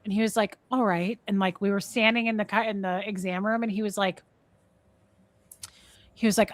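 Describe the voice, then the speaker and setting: A woman's voice: mid-range voice, moderate pace, pauses often, dry recording. Chatty woman telling a story on a podcast. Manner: animated storyteller, acts out quoted voices, many fillers. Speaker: podcast co-host. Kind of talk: casual chat, storytelling.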